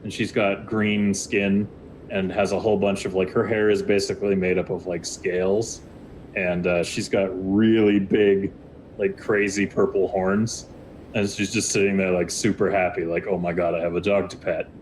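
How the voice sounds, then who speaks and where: A man with a very low voice runs a tabletop game. He describes scenes in a loose, rambling way, full of restarts. Faint background noise. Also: flat delivery, moderate pace, a little mellow, rough recording. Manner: rambling, many fillers and restarts. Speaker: game master.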